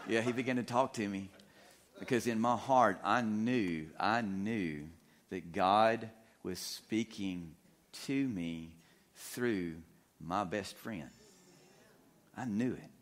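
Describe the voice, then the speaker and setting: A man's voice: on the low side, slow pace. A man preaching a sermon as pastor, repeating phrases and putting questions to the congregation. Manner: repetitive, emphatic, asks the congregation questions.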